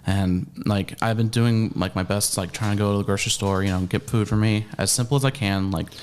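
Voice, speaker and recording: Hesitant, rambling man with a low voice. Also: steady tone, a little fast, darkish tone, slight background noise. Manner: rambling, hesitant, many fillers and restarts. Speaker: guest with debts.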